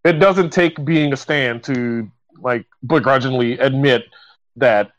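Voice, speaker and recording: Measured man on a dull lo-fi mic. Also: medium pitch. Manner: measured, reasonable, uses fillers like um and you know. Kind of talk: casual chat.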